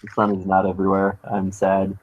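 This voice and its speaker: A man's voice: low voice, completely flat delivery, brisk. A young man in a casual group chat over a voice call, laid-back with terse replies. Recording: dull lo-fi voice call.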